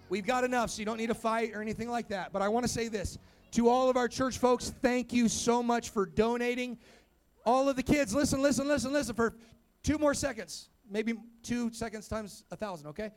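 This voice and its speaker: A young man, a pastor, preaching to kids and adults in a church, telling his story with rising emphatic calls. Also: very high voice. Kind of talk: sermon to youth and church. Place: church sanctuary.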